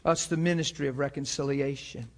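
A man preaching a sermon with deep feeling, acting out scripture scenes with voices and often laughing. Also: steady tone, a little fast. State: near tears at times.

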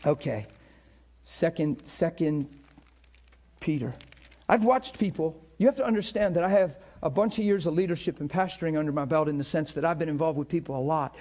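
A middle-aged male pastor preaching a sermon with passion, dropping to near whispers and rising to shouts. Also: fairly high pitch, expressive, fast talker. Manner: impassioned preaching that swings between hushed and shouted.

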